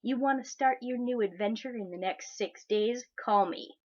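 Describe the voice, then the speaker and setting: A crude, entitled man pressing an unwanted offer, read aloud by a woman mocking him. The voice is pitched higher than her own and hammers every capitalized word with loud, sing-song emphasis. The recording is dull and lo-fi. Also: normal speed, close to an everyday voice. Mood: mocking, leering. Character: pushy, entitled male online suitor, crude and leering.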